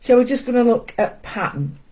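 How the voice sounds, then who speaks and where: A woman's voice: fairly high pitch, animated, brisk, a little mellow, slight background noise, rough recording. A woman hosting a casual live-stream art lesson, chatting, greeting viewers by name and making self-deprecating asides. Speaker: art session host. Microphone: home setup with camera.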